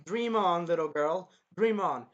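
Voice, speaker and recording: A man playing a stingy, exasperated young male hero who scolds loudly. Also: high-pitched, a little slow, highs cut off.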